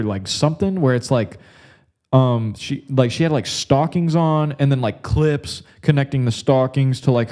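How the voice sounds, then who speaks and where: A man's voice: medium pitch, dark tone. A young man hosting a podcast, telling stories in a rambling, crude, casual monologue. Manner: rambling, crude, says "like" and "bro" constantly. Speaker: podcast host.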